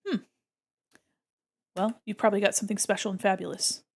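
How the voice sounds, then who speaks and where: A woman's voice: mid-range voice, fairly even intonation, fairly quick. An American woman streamer and illustrator, chatting casually and bubbly with her viewers while she draws. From United States. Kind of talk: casual live-stream chat while drawing.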